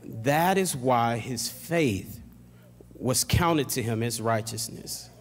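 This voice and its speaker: Young man preaching in church, hushed prayer then building intensity, mid-pitched, long church reverb. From Florida. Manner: reads scripture, then prays slowly and hushed, then preaches with rising intensity. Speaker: pastor. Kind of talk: sermon. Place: church sanctuary.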